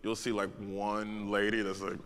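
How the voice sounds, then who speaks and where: A man, a comedian on a conference panel, telling a rambling story in a relaxed, casual way. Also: on the low side, moderate pace, big-room sound, background noise. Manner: laid-back, rambling, heavy on "like" and "you know". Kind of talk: casual onstage conversation, storytelling. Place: conference stage in a large hall.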